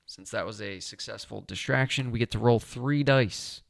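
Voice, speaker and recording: A man's voice: mid-range voice, normal speed, gravelly, no room sound, studio quality. A man talking himself through a solo board game playthrough, chatty and upbeat as he explains each move.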